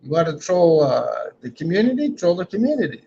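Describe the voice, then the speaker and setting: A man's voice: fairly high pitch, big pitch swings, fairly quick, vocal fry, mellow, a little hiss or hum. A man hosting a casual livestream, reading chat comments aloud and joking in a rambling way, often ending lines with "man". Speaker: livestream host. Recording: dull lo-fi stream audio.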